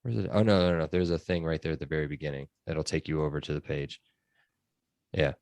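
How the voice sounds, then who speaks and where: A man with a very low voice hosts a casual sports podcast. He talks in a chatty, loose way with plenty of fillers. The sound is dry and close. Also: steady tone, quick pace, darkish tone, dry recording. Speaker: podcast host.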